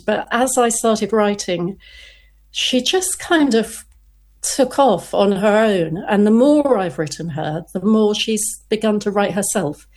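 A chatty woman in an interview, talking about her writing at a middle pitch. She often breaks off and restarts her sentences, and she laughs easily. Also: darkish tone. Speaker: crime novelist guest. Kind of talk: casual interview chat.

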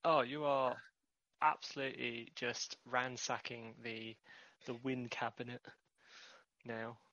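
Bright-toned, teasing podcast host man. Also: mid-range voice, little pitch movement, takes it slowly, no echo, muffled recording. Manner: laughs often, teasing. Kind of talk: casual podcast chat.

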